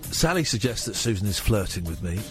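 A man's voice: fairly low pitch, sing-song, fairly quick, over loud music. A man hosting a late-night radio phone-in, teasing and mock-indignant with a caller. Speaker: radio host. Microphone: studio microphone.

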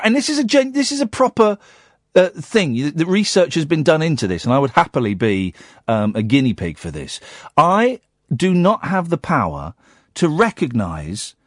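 A man's voice: sits high, no echo. A man hosting a radio phone-in, chatting casually and telling a rambling, self-mocking story from the studio.

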